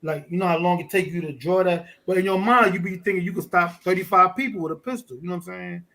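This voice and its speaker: A man from Brooklyn, a podcast guest telling a profane street story in a lively, animated way. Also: high voice, quick pace, gravelly. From Fort Greene, Brooklyn. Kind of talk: casual storytelling.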